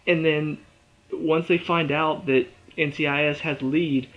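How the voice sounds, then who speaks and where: A man with a fairly high voice talks through a TV episode review in a loose, chatty way, dropping "you know" and "uh" as he goes. The recording is slightly dull and lo-fi. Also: fairly even intonation, a little slow. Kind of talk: casual spoken review.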